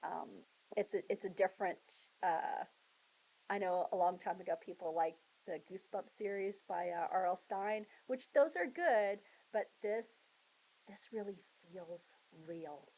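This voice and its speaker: A woman's voice: medium pitch, measured pace, poor audio. Chatty woman librarian recommending books. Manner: chatty, animated storytelling with acted voices. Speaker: school librarian. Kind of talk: book review for students.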